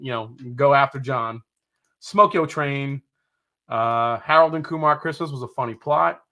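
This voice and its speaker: A New York man with a slightly high, sharp voice hosts a casual livestream. He reads viewer comments aloud, cracks jokes, swears casually, and laughs often.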